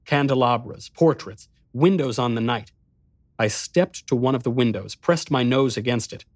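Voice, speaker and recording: A man narrates a first-person suspense story in a tense, measured way. His voice sits in an ordinary middle range. The recording is close and dry. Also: medium pitch, no room sound.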